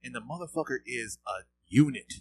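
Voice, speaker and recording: A man co-hosting a podcast in casual chat, talking quickly and with lots of swearing, often repeating words as he gets going. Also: mid-range voice, vocal fry, slightly rough. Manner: fast, profane, repeats words when excited. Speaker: podcast co-host.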